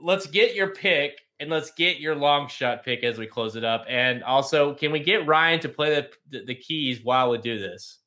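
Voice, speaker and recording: A man's voice: a little high, moderate pace, few pauses, pushed and bright. A man hosting a horse racing podcast, talking loosely in a casual chat with many fillers and restarts. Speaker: podcast host.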